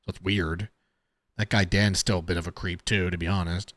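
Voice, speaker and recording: A man's voice: low-pitched, little pitch movement, fairly quick, fairly bright tone, dry recording. A man giving casual reaction commentary on a video, chatty and thinking aloud as he talks. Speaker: reaction streamer.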